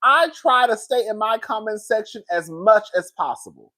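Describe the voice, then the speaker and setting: Animated woman chatting on a live stream. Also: moderate pace. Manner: animated, swings high and loud when worked up; talks straight to her viewers, reads their comments. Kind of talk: casual live-stream chat.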